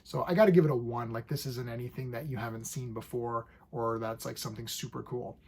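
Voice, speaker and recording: A man in his forties giving a casual, enthusiastic review of a TV episode, full of fillers and quick acted-out bits of scenes. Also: medium pitch, fairly even intonation, vocal fry, darkish tone, slight background noise. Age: 40s. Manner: chatty and enthusiastic, lots of fillers, acts out scenes.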